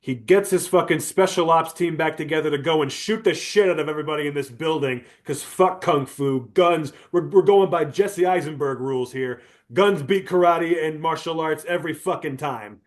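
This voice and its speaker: A man with a slightly high voice co-hosts a podcast, talking at a moderate pace with hardly any pauses. He gives a casual, comedic movie review that turns into a rant full of swearing and emphasis.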